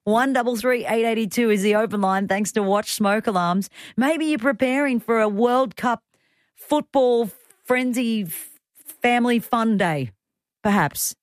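A woman's voice: fairly high pitch, normal speed, no echo, studio quality. A woman in her thirties with an Australian accent, hosting talkback radio in a chatty way with self-deprecating asides. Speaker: radio host.

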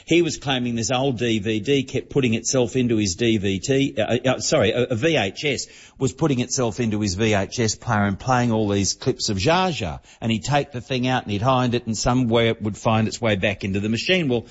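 On a radio show, a male entertainment reporter shares celebrity gossip in a chatty, storytelling style, keeping it casual. His medium-pitched voice moves briskly with few pauses, heard through dull, lo-fi broadcast audio.

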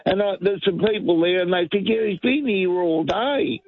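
Australian man, caller, high-pitched, indignant storytelling, tinny dry phone audio. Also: normal speed, dry recording. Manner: indignant storyteller, acts out quotes. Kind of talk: rambling phone-in anecdote. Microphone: telephone.

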